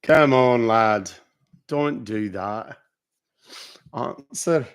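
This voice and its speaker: A man's voice: medium pitch, very slow, clean tone. A man hosting a live stream where he calls scammers, telling stories and joking between calls. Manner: joking storyteller, laughs at his own jokes. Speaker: livestream host calling scammers. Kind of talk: casual live-stream chat.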